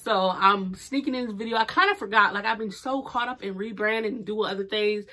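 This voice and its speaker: A woman's voice: medium pitch, brisk. A young woman vlogging about her small business, teary and emotional, speaking in fervent motivational declarations. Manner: animated and expressive, many fillers. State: teary from crying. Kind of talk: casual heartfelt talk to camera.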